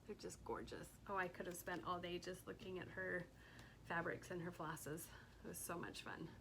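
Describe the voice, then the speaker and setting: Casual vlogger woman, soft and gushing, slips into whispers, slightly gravelly tone. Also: fairly low pitch, normal speed, noisy background. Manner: gushing, soft-spoken, often drops to a whisper. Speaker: cross stitch vlogger. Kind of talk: casual haul chat.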